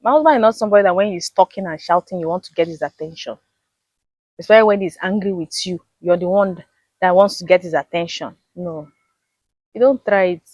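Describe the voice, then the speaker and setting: A wife explains her habits in a relaxed interview, slipping into short acted-out exchanges. Her pitch is ordinary for a woman. The recording is dry and close. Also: fairly quick, dry recording, muffled recording. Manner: explains patiently, acts out dialogue. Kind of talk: casual interview chat.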